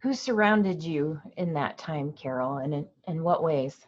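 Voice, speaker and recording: A woman interviewing a guest, asking sympathetic questions in a gentle way. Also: low voice, expressive, unhurried. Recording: dull, muffled sound.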